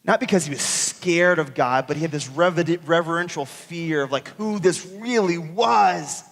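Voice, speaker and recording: A man preaching from a church stage, telling a story with animated energy and slipping into the voices of the people in it. His voice sits a little higher than most men's, and a long church reverb trails after every phrase. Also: normal speed, creaky. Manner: animated storytelling, acts out dialogue. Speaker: pastor. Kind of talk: sermon with personal story. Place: church sanctuary.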